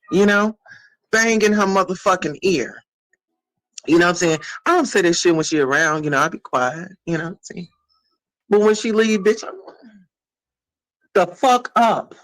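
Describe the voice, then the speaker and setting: A woman vlogger telling stories in a casual, profane rant that bursts into shouting. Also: medium pitch, rough recording.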